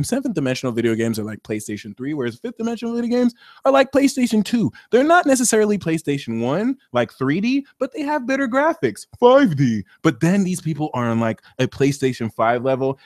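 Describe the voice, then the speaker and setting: A man hosting a live astrology stream, ranting theatrically and profanely, swinging from mumbles to loud outbursts. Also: medium pitch. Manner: profane, slangy. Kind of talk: animated rant on a live stream.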